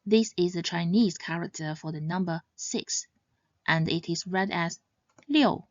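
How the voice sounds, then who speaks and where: Woman teacher reading a lesson script, really slow and careful, dry slightly dull recording. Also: no echo. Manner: slow and deliberate, saying example syllables louder and higher. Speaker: Mandarin pronunciation teacher. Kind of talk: scripted instructional narration.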